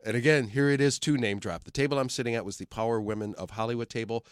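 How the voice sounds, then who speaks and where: Fast-talking middle-aged man telling stories. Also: mid-range voice, clear, resonant tone, no echo, clean studio sound. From Detroit, USA. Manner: animated storyteller who acts out quoted voices. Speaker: film show host. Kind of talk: casual anecdote-telling chat.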